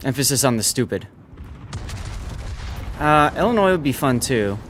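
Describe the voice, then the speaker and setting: Lively-voiced man chatting on a game stream. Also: medium pitch, moderate pace, long pauses, soft background music. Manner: chatty, answers chat messages between game callouts. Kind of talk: casual live-stream chat while gaming.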